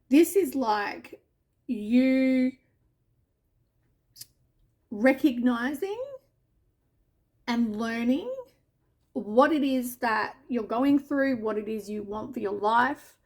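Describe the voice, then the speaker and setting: A woman's voice: fairly high pitch, slow pace, long pauses, darkish tone. A woman doing a casual tarot reading, talking straight to the listener in a chatty, offhand way with mild swearing and asides. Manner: addresses the listener directly as you. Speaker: tarot reader.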